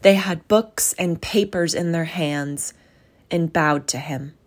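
A woman narrating a classic story as a hobby reader, in a measured, expressive reading style. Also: low voice. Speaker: audiobook narrator.

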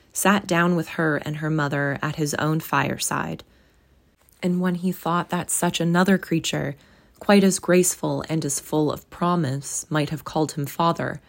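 Low-voiced woman reading a classic aloud. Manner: measured, expressive reading, casual warm sign-off. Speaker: audiobook reader.

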